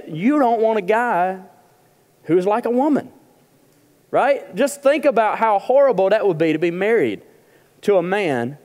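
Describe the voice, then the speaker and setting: A man's voice: high-pitched, darkish tone, in a large hall. A male pastor preaching a humorous, conversational sermon in a church. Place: church auditorium.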